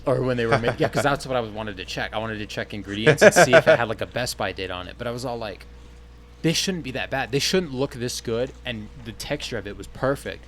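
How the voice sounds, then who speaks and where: A man chatting casually on a podcast, telling an animated story full of swearing and acted-out quotes. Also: medium pitch, fast, few pauses. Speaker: podcast co-host.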